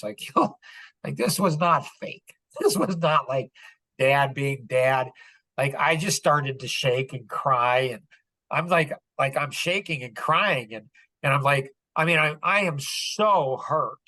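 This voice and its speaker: A man's voice: mid-range voice, sharp tone, dry recording. A middle-aged man telling a personal story on a podcast, earnest and rambling, full of "like" and "you know". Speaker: podcast speaker.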